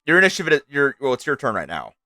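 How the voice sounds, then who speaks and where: A young man as game master of a streamed tabletop game, casual and excitable, swearing freely as he describes the action. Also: mid-range voice, rapid-fire, no room sound.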